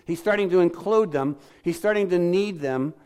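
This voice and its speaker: A middle-aged male pastor preaches with a slightly raised pitch. He speaks conversationally, acts out the lines he quotes, and checks in with his listeners through questions. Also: moderate pace, darkish tone, clean tone. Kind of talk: sermon.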